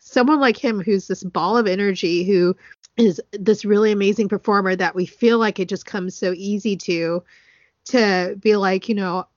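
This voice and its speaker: A woman's voice: mid-range voice, fairly even intonation, moderate pace, a little mellow, no echo, highs cut off. A woman co-hosting a podcast in casual chat, earnest and emotional, talking with many fillers and getting teary. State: tearful. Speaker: podcast co-host.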